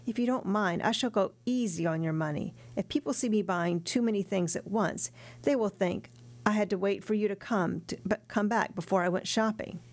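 A woman voicing a gentle, frugal old father in an audiobook reading. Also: mid-range voice, moderate pace, close to an everyday voice. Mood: mild.

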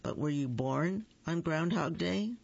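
Man doing a grouchy old groundhog from a storybook who grumbles, gravelly and slow. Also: on the high side, animated, muffled recording, exaggerated voice. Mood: grumbling. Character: sleepy grumpy old male groundhog.

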